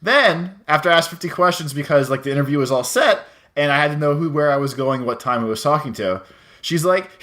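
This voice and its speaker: Casting note: young male podcast co-host, quick and lively delivery, bright voice, swears freely while venting. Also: on the high side. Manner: ranting, swears a lot, mimics people in quotes. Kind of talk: casual podcast chat.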